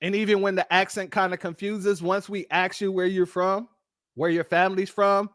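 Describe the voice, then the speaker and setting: A man from California with a Californian accent, hosting a live stream and reacting to chat in an animated storytelling way, laughing often. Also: high-pitched, moderate pace, no echo, studio quality. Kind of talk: casual live-stream commentary.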